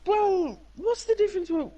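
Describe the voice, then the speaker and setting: A man with a notably high voice co-hosts a laid-back podcast chat. He rambles from joke to joke and often trails off before finishing his thought. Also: expressive, normal speed, warm tone. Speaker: podcast co-host. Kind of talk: casual chat.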